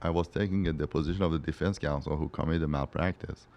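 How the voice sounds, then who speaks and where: A man's voice: very deep voice, fairly even intonation, quick pace, darkish tone. A man telling lawyer stories in a casual interview, acting out quotes in a raised voice, laughing often, with non-native English phrasing. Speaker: guest, personal injury lawyer.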